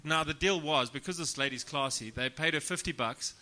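A man's voice: fairly high pitch, brisk, pushed and bright. A man, a comedian guest, telling crude, self-deprecating stories on a casual podcast and often laughing as he talks. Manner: laughs through his own stories.

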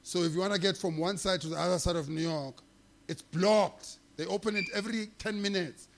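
A comedian, a guest telling an animated, profane story in casual chat, laughing often. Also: male voice, high voice, a little fast, slight background noise. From South Africa.

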